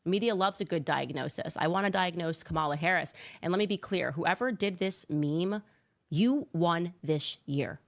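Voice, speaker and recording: A woman's voice: on the low side, normal speed. A woman hosting a political commentary show, delivering sarcastic, scornful opinions.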